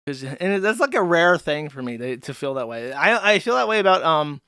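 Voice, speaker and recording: A man's voice: on the high side, big pitch swings, fairly quick, pushed and bright, smooth, dry recording, studio quality. A man hosting a stream commentary, ranting sarcastically with lots of swearing and filler words. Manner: profane, sarcastic, frequent fillers. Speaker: commentary host.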